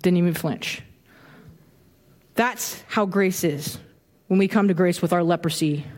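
A woman in her thirties giving a casual, animated sermon, acting out quoted reactions with a bit of humor. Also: on the low side, measured pace. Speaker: preacher. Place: church sanctuary. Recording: long hall reverb.

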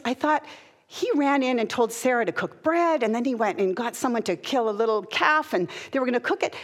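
A woman's voice: on the high side, husky. A middle-aged woman giving a personal devotional talk, earnest and conversational, at times moved close to tears. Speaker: speaker sharing a Bible devotional practice.

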